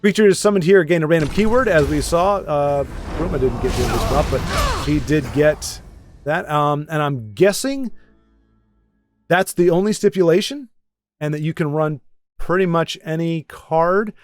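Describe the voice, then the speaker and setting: A man with a fairly high voice gives relaxed, rambling commentary on a card game, often restarting his sentences and poking fun at himself. Soft music plays faintly under his talk. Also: a little slow. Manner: chatty, self-deprecating, rambling with restarts. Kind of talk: casual gameplay commentary.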